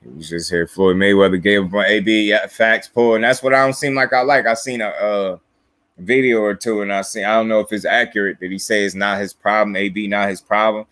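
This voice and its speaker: A man's voice: lowish voice, steady tone, fairly quick, fairly bright tone, dry recording. A man from New Jersey with a New Jersey accent, hosting a casual boxing live stream, laid-back and slangy, chuckling as he reads viewer comments. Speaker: boxing livestream host.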